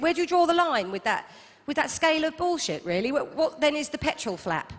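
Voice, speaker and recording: A woman in her thirties performing a stand-up comedy set with wry, deadpan asides. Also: high-pitched, a little fast, hardly any pauses, a little hiss or hum. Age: 30s. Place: comedy club stage. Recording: reverberant live club hall. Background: audience laughter.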